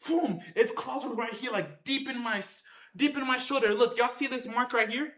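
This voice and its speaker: An excitable storyteller talks straight to the audience, piling on slang and punchy sound effects. The voice sits in a mid pitch and rings around a roomy, echoey space. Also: moderate pace. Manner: animated, punctuated with sound effects like "boom"; slangy, addresses the audience directly. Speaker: vlogger telling a story to viewers.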